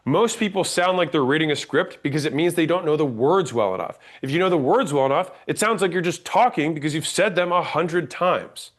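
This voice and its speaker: A man teaching a sales class, blunt and emphatic, demonstrating pauses and rising inflection as he explains. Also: fairly high pitch, lively intonation. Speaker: sales trainer. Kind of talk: instructional talk on sales tonality.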